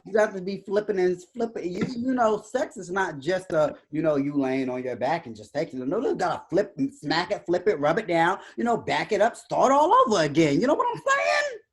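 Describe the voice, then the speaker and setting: A podcast co-host in casual banter, sassy and expressive, laughing often. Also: mid-range voice, a little fast, few pauses, slightly rough.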